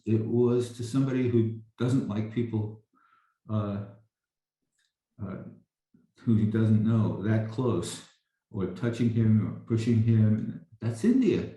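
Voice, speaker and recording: An older man with a deep, very mellow voice tells a personal story over a video call. He rambles, restarting often. The room around him is very echoey. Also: unhurried. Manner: rambling, with frequent restarts and fillers. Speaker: speaker sharing a memory.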